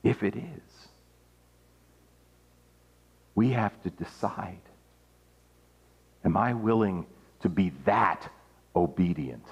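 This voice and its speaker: A man preaching an earnest sermon, his pitch rising and falling for emphasis as he reads and explains scripture. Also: expressive, slow, gravelly, long pauses, dull audio.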